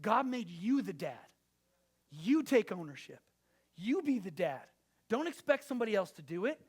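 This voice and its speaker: A male pastor delivers a sermon in a fairly high voice. He speaks emphatically, addressing his listeners directly and pressing his points home. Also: big pitch swings, moderate pace, slightly rough.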